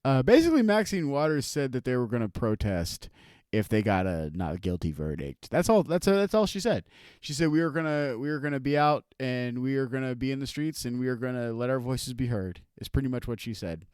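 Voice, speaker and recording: A man streaming live, reacting to a video with sarcastic, animated commentary and frequent laughter. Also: mid-range voice, brisk, smooth, dry recording, clean studio sound.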